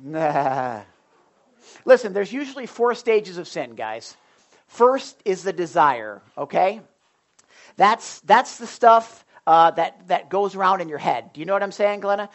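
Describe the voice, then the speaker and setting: A middle-aged man preaching a sermon in a lively, chatty way, slipping into quick acted asides. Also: high voice. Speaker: pastor.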